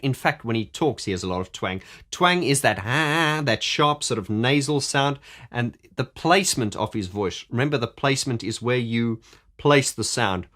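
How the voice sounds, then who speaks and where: A man's voice: mid-range voice, lively intonation, normal speed, fairly bright tone. A male vocal coach talking casually through a singer's technique, rambling with frequent restarts and breaking off to sing examples. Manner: rambling with many restarts, breaks into sung demonstrations. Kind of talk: casual analytical monologue about singing.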